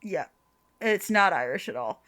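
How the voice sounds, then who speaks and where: Woman podcast co-host, casual and chatty, quick to laugh, mid-pitched. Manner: chatty, laughs often, animated asides. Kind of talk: casual chat.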